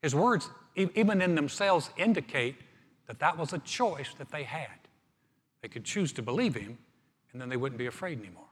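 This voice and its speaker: A man preaching a sermon as pastor, reading scripture and then explaining it in a relaxed, conversational way with touches of humor. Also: a little high, normal speed, slightly rough, big-room sound.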